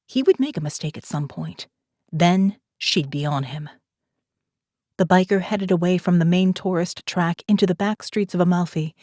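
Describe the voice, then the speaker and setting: A woman narrating a thriller audiobook in a steady, measured reading voice, close to a studio mic. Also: mid-range voice, no echo. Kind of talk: scripted narration.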